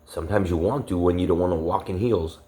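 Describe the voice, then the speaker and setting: A man with a very deep, low voice delivers an agitated, profanity-laced rant to his camera. He rambles, circles back on himself and leans on fillers as he vents. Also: fast, warm tone. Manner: profane, agitated, heavy swearing; rambling with many fillers and restarts. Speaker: vlogger. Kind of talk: angry personal rant.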